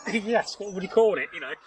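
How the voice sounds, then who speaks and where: His voice is high with lively intonation and a moderate pace, though the recording is low quality. This storyteller and channel host recounts a folktale casually outdoors in nature, rambling and chatting, and laughing and joking with a companion.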